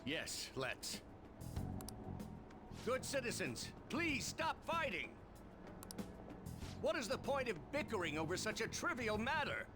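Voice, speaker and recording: A man's voice: very high-pitched, very animated, slow pace, long pauses, heavily acted. An actor playing an earnest male politician giving a formal street speech, heard from the game with music behind. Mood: placating. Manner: formal, oratorical.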